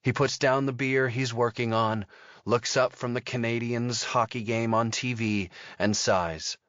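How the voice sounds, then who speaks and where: A man narrating a thriller audiobook in a steady, measured storytelling manner. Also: mid-range voice, dry recording, highs cut off. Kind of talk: scripted narration.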